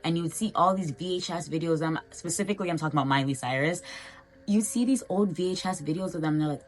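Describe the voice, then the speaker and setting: In a casual motivational vlog, a young adult woman with a notably low voice speaks straight to her viewers at a quick pace. She sounds earnest and encouraging, loose and chatty.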